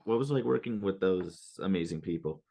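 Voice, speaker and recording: A man's voice: low-pitched, animated, fairly quick, creaky, warm tone. A man co-hosting a podcast interview, asking a rambling question and restarting it mid-way. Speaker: podcast co-host.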